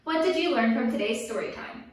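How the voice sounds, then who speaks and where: A woman's voice: a little high, expressive, brisk, far from the mic. A woman reading a picture book aloud for children's story time, with playful sound effects and call-and-response lines. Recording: echoey room, voice a bit off-mic.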